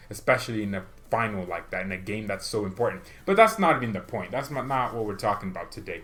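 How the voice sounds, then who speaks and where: Low-voiced excitable football vlogger. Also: male voice, fast talker. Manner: excitable, rambling, thinks aloud with rhetorical questions. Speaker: host of a football fan channel. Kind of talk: casual vlog commentary.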